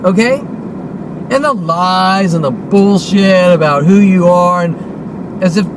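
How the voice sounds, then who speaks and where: Heated guy around 50 ranting at the camera, kinda high voice, lots of swearing, noisy recording with car sounds behind. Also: slow. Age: 50s. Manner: heated, accusatory, swears often, repeats himself. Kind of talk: agitated monologue rant to camera.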